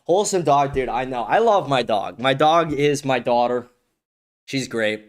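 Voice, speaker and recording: A man's voice: mid-range voice, lively intonation, measured pace. A man hosting a livestream, chatting casually in a loose, profane, rambling way and laughing often. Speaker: livestream host.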